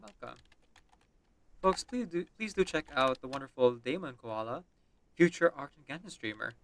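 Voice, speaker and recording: A man's voice: a little high, pushed and bright, a little hiss or hum. Chatty male streamer reading game story. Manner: chatty, apologetic asides.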